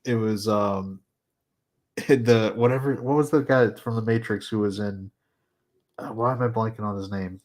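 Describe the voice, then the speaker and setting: A man's voice: lowish voice, steady tone, a little slow. A man chatting on a podcast panel, laughing often and groping for names. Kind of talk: casual chat.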